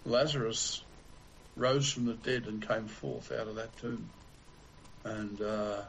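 A man preaching a sermon in a slow, deliberate way with long pauses. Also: lowish voice, flat delivery, gravelly, a bit bright, a little hiss or hum, poor audio.

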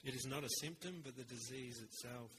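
A man preaching a sermon in an earnest, measured way, with rhetorical pauses. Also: medium pitch, noisy background.

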